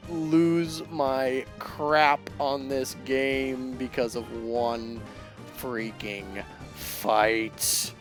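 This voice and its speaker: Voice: mid-range voice, steady tone, very slow, over music. A let's play host commentating on a video game, exasperated and laughing in frustration at a fight that will not go their way.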